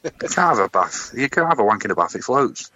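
A man co-hosting a podcast, with a dry, halting, sweary way of talking. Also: medium pitch, big pitch swings, sharp tone, husky. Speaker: podcast co-host. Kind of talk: casual banter. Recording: dull lo-fi sound.

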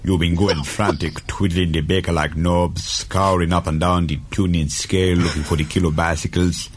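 A man's voice: deep voice, level tone, normal speed, slightly rough. A man doing a blustering dictator on the radio. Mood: grandiose. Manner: grandiose, rambling radio patter. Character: blustering male dictator hosting a radio show. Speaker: comedian on an old record.

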